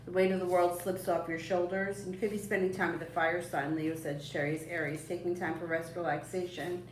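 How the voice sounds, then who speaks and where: A woman's voice: fairly low pitch, flat delivery, fairly quick, distant mic. A woman doing casual live-stream tarot readings, chatty and reassuring, rambling along with fillers and small laughs. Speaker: tarot reader. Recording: echoey room, voice a bit off-mic, faint background noise.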